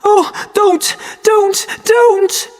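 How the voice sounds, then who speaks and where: Distraught bitter mother, shrill and tearful, voiced by a male reader, in a reverberant room. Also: fairly even intonation, drawn-out words, exaggerated voice. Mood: panicked. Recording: long hall reverb.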